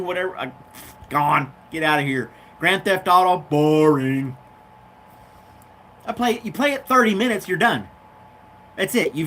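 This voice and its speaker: A man's voice: fairly high pitch, bright, forceful tone, a little hiss or hum. A man hosting his own show, chatting casually and off the cuff, rambling between topics and talking to his dog. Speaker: podcast host. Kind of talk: casual chat.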